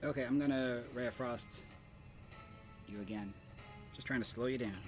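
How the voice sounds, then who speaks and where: A soft-spoken man plays his character in a tabletop game with a polite, weary tone and an ordinary pitch. Faint music lingers behind him. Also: normal speed. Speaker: player.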